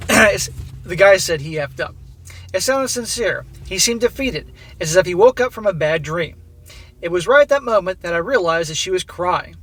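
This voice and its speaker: A man with a fairly high voice reads a story aloud in a casual, conversational way. He keeps stopping to add his own comments. The sound is dry and close, with no room echo. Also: fairly bright tone. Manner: casual, breaks off reading to comment. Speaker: commentary channel host.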